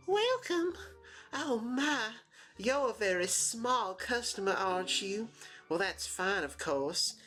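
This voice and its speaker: A man voicing a sweet female shopkeeper with an American Southern accent, speaking sugary and slow. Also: sits high, big pitch swings, bright, forceful tone, faint music behind, voice pushed up, exaggerated voice.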